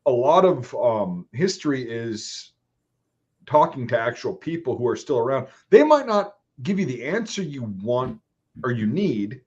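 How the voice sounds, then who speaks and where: A man's voice: medium pitch, very animated, a little slow, darkish tone, husky. A man in casual chat who agrees readily and chimes in with short affirmations. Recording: slightly dull lo-fi sound.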